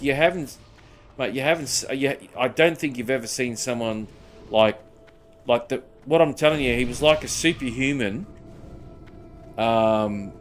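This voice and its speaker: A young man, chatting casually while gaming, rambling through stories, swearing often and calling his listeners "mate". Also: mid-range voice. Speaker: gaming streamer.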